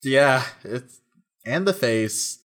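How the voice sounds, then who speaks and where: A man's voice: medium pitch, expressive, extremely slow, a bit bright. A man co-hosting a comedy podcast, joking and rambling casually with lots of fillers. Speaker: podcast co-host.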